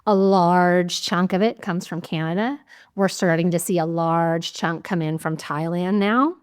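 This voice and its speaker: A woman hosting a podcast, telling stories in a candid, animated way and swearing casually. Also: lowish voice, unhurried, clear, resonant tone. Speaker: podcast host. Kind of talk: casual conversational interview.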